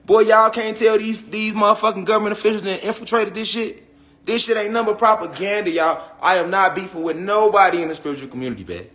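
In a fast, high-pitched, fairly bright voice, a young man who does spiritual commentary online rants at his followers with profanity and heat. He repeats himself and fires off one tag question after another.

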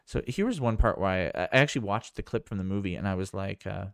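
A man's voice: low-pitched, animated, quick pace, creaky, few pauses, smooth. A man vlogging a casual screen demo, rambling and thinking aloud with amazement. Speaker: tech vlogger.

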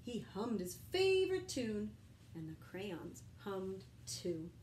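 Gentle teacher reading to children. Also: female voice, medium pitch, very animated, slow pace, a little hiss or hum, rough recording. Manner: gentle, asks children questions. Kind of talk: storybook read-aloud for children.

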